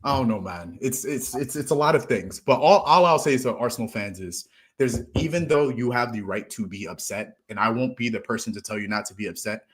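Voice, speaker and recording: A man's voice: mid-range voice, fairly quick, few pauses. An American man talking football in a casual podcast chat, rambling and restarting his sentences. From United States. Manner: rambling, restarts phrases, lively swings in loudness.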